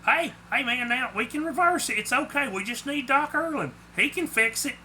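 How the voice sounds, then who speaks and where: A man voicing a sheepish male satyr with a thick Southern accent, raising his pitch. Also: expressive, normal speed, bright, forceful tone, slight background noise, exaggerated voice. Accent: American Southern.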